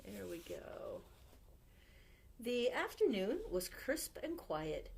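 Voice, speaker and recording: Woman, librarian, children's storytime read-aloud, very lively pitch, expressive. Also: slow pace, creaky, a little hiss or hum. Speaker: youth services librarian.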